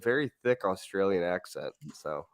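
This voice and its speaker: A male podcast co-host trades jokes in a playful, teasing manner. His pitch swings widely, and the sound is dry and close with no room echo. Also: animated, moderate pace. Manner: teasing, jokey. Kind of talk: casual comedic podcast chat.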